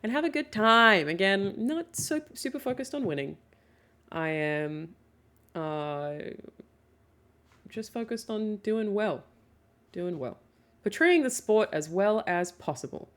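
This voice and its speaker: This young female streamer reads viewers' questions aloud while chatting casually with them, swearing freely, laughing often, and filling her speech with "um"s. Her mid-range voice has lively intonation and a fairly bright tone, and she takes her time, leaving long pauses.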